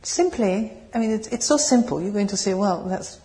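A woman with a French accent tinged with British English, giving a meditation talk and answering questions in a gentle, searching way. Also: mid-range voice, expressive, a little fast. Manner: gentle, searching, laughs softly, asks the audience questions. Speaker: meditation teacher. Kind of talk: dharma talk with Q&A. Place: meditation hall.

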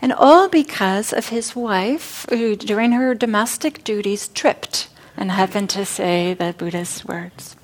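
A woman speaks at a mid pitch, unhurried and gentle as she retells an old teaching story. She pauses often and fills gaps with small hesitations. The talk is recorded in a meditation center hall. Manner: warm storytelling, hesitant fillers.

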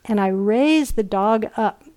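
Slow, gentle woman giving a dharma talk. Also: medium pitch. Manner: slow, gentle storytelling with soft whispered asides. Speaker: meditation teacher. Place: retreat center meditation hall.

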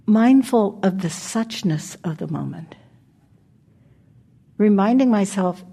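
An older woman giving a gentle, reflective dharma talk as a meditation teacher, pausing often and laughing softly. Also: mid-range voice, animated, gravelly, breathy edge. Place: meditation hall.

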